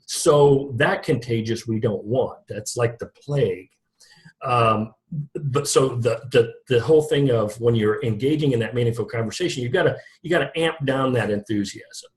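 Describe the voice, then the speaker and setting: A man's voice: mid-range voice, a little mellow. A middle-aged man as an interview guest, talking casually about sales with restarts and chuckles. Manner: conversational, restarts sentences, laughs at own jokes. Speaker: guest, lead generation company founder.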